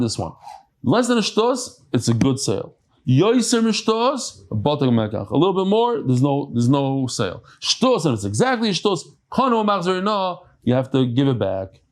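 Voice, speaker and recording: Casting: man giving a Talmud lecture, lively rising-and-falling voice, somewhat high, chatty. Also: normal speed. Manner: animated, chatty explanations with asides. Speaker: Talmud teacher. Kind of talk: daf yomi lecture to a live class. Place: study hall with a live audience.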